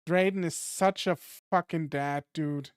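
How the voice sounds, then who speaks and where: Casual male streamer, reflective asides, unhurried, clean dry mic. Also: a little high, steady tone, smooth, no room sound. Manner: casual, reflective, swears freely. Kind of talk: reading a visual novel aloud with commentary.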